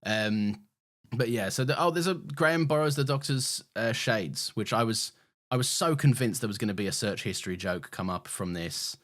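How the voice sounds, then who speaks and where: A man's voice: lowish voice, moderate pace, fairly bright tone. A man co-hosting a casual podcast chat, playful and mock-indignant, laughing often. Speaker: podcast co-host.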